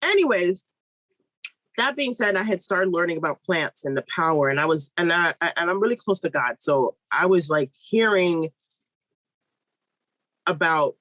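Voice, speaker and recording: A woman's voice: dry recording, rough recording. A woman, a midwife, telling her own birth story in a podcast conversation, acting out what people said with big jumps in voice and running her sentences together. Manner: animated, acts out quoted voices with big pitch jumps; fast, run-on telling with restarts. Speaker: guest, midwife.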